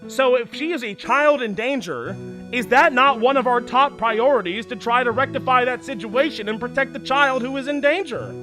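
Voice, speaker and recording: A young man streaming a video game, excitable and ranting, swearing freely and often shouting at the story. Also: very high voice, moderate pace, soft background music. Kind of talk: let's play commentary.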